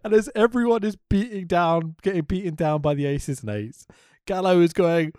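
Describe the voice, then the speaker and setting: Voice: medium pitch, darkish tone, smooth, dry recording, studio quality. A podcast co-host in casual chat, giggly and sweary. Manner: giggly, sweary, slow-spoken.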